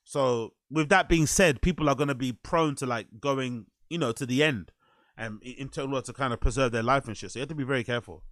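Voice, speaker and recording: A man's voice: medium pitch, brisk, a bit bright, no echo. Incredulous mocking man, dry close sound. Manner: incredulous, mocking, swears a lot. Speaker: stream host reacting to a podcast clip. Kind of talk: reaction commentary.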